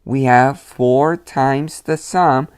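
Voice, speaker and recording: A man teaches algebra at an unhurried pace, breaking each step down and checking in with his students as "you guys." His voice sits at a middle pitch and is recorded close and dry, with no room sound. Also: fairly even intonation, a little mellow, clear, resonant tone, no echo. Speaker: math teacher.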